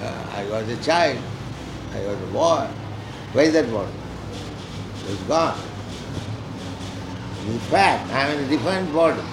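A man speaks as a spiritual teacher, moving between chanted verses and blunt, emphatic scolding. His voice sits at an ordinary middle pitch. The recording is roomy and echoey, with clear traffic noise running underneath. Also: animated, unhurried, pauses often. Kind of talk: informal philosophical talk with chanted verses.

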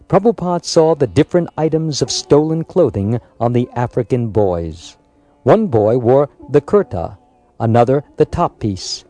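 A man reading a biographical story aloud in a measured, scripted narration. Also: medium pitch, mellow. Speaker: audiobook narrator.

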